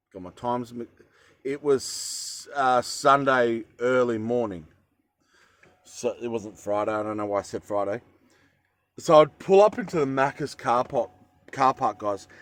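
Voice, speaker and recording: A man's voice: medium pitch, fairly bright tone, no room sound. An Australian man telling a story in a casual vlog, rambling with fillers and self-corrections. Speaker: vlogger.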